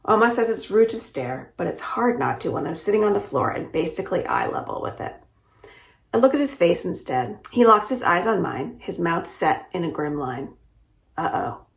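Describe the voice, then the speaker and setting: A woman librarian reading the first chapter of a middle-grade novel aloud, with expressive, lively storytelling. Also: lowish voice, gravelly. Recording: roomy echo.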